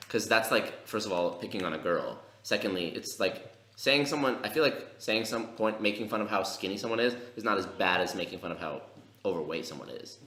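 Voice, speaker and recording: A man with a lowish voice tells stories on a casual podcast. He is animated and slangy, and swears freely. The sound is somewhat roomy. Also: brisk. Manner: animated, profane, slangy storytelling. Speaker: podcast co-host. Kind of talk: casual chat, storytelling.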